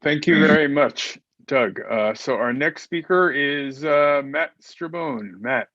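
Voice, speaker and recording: A man hosts an online club meeting, introducing each speaker in a halting way with plenty of repeated words. He is on a video call, and his sound is dry and a little dull. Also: mid-range voice, fairly bright tone, no echo. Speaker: meeting host.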